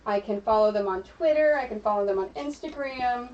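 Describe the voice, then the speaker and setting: An American woman hosts a relaxed crafting stream, chatting to viewers about rewards and giveaways. Her voice sits a little high and comes from some distance off the mic. The sound is dull and lo-fi with a faint hiss behind it. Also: a little fast. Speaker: streamer host. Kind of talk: casual livestream chat while crafting. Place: home craft room.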